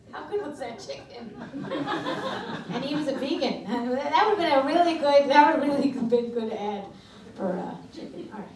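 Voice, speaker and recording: A middle-aged woman doing a stand-up comedy routine, delivering brash, deadpan one-liners in a comedy club. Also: high voice, unhurried, pauses often, crowd noise. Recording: echoey club from far off with noise.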